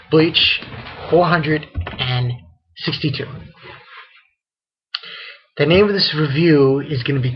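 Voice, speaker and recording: A man's voice: fairly high pitch, husky. A young man giving a casual, rambling spoken review of a manga chapter, cursing and laughing as he goes. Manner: rambling, profane, reads quotes aloud with laughs. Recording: dull lo-fi home recording.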